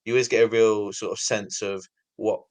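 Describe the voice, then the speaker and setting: A man's voice: fairly low pitch, little pitch movement, fairly quick, darkish tone. A man hosting a casual podcast interview, friendly and rambling. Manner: rambling, friendly, many fillers. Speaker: podcast host.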